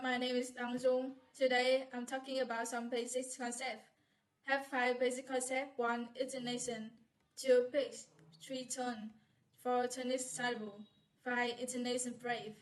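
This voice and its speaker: Woman reading a class talk slowly. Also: on the high side, rough recording. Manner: slow, halting reading with restarts. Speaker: student presenter.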